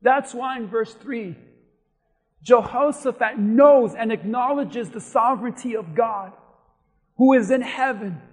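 A man preaching a sermon as pastor in a church, his delivery building from steady teaching to impassioned shouting. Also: very high-pitched, a little slow, in a large hall. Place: church sanctuary.

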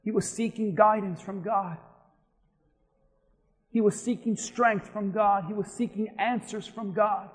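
High-voiced preacher shouting in a hall. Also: male voice, steady tone, unhurried, long pauses. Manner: impassioned preaching that builds to shouting. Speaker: pastor. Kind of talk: sermon. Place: church sanctuary.

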